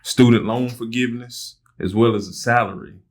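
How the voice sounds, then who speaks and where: A man's voice: medium pitch, fairly even intonation, normal speed. A man interviewing a guest, reading out news items and then asking for his thoughts.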